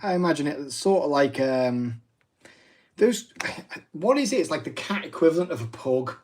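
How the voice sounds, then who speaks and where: Man, 30s, mid pitch, livestream craft host, rambling and self-deprecating. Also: fairly quick, darkish tone, slight background noise. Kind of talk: casual live craft demo.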